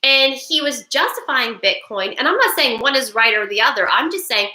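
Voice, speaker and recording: A middle-aged woman hosting a webinar, talking in an animated, rambling, emphatic way. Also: sits high, normal speed. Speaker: webinar host. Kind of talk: casual monologue. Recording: echoey room.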